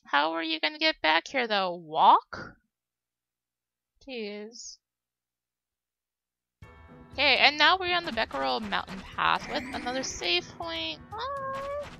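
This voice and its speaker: Young woman, let's-play host: rambling and giggly, higher voice with lively swings, game music underneath. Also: slow, creaky, long pauses, no room sound, poor audio. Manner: chatty, giggly, rambling with many fillers. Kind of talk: casual gameplay commentary. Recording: game music playing behind.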